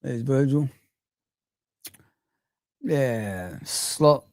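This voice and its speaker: A man's voice: medium pitch, animated, very slow, a little mellow, no room sound, studio quality. A man hosting a football live stream, ranting in heated street slang as he reads the chat.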